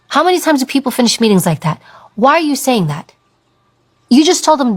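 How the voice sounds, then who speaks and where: A woman in her thirties giving an earnest motivational talk about owning your voice, slowing down to stress her points. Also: sits high, very animated. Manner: earnest, coaching, stretches words for emphasis. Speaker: speaker on confidence and voice.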